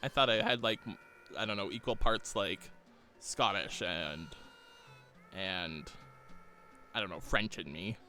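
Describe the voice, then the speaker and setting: A man's voice: on the low side, measured pace, pauses often, pushed and bright. A man streaming live while he draws, rambling casually, chuckling often and reading chat aloud. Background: faint game soundtrack music.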